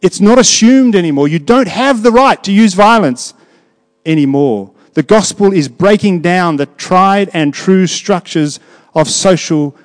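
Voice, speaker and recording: A man with a somewhat high voice delivers a sermon, his words trailing into a long hall reverb. He shifts from quiet, reflective phrases to raised, emphatic passages and talks to the congregation as if in conversation. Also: lively intonation, unhurried. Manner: swings between hushed reflection and raised, emphatic preaching; conversational, asks the congregation questions. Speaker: preacher.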